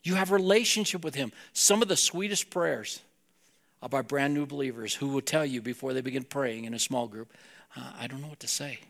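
A man's voice: mid-range voice, a little fast, fairly bright tone. A man preaching a sermon as a pastor, talking plainly and directly to his congregation.

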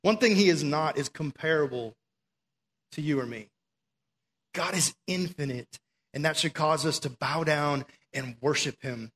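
A young man preaching a sermon in an animated, emphatic, conversational way. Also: on the high side, measured pace.

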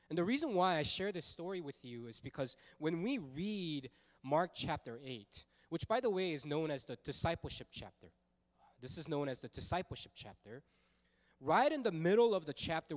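A man preaching a sermon as pastor, telling a story in a casual, animated way with lots of fillers. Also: fairly high pitch, big-room sound.

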